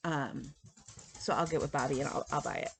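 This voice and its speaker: A woman's voice: low voice, fairly even intonation, a little fast, vocal fry. A woman in her thirties chatting casually to camera as a stitching vlog host, rambling with many ums and restarts. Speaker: flosstube host.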